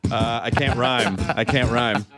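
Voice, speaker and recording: A man hosting a podcast, teasing his guest with quick, crude jokes. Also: medium pitch, steady tone, over loud music. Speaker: podcast host. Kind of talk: casual podcast chat.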